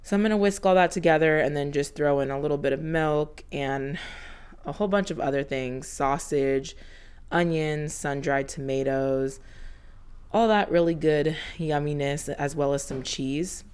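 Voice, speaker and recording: A woman's voice: low voice, moderate pace, a little mellow, smooth. A woman in her thirties narrating a homemaking vlog in a chatty, earnest voiceover, slightly out of breath. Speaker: homemaking vlogger.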